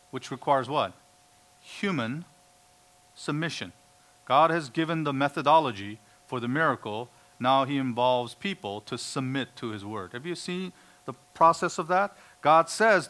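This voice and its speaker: A man's voice: medium pitch, bright, forceful tone. A man preaching a sermon, emphatic, quoting scripture and acting out the voices of doubters. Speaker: pastor.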